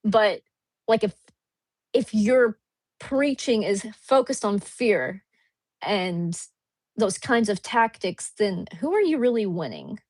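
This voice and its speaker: A woman's voice: medium pitch, expressive, slow, a little mellow, no room sound. Woman, earnest emphatic talker, casual chat, dry close recording. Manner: earnest and emphatic, building an argument. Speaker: co-host in a conversation.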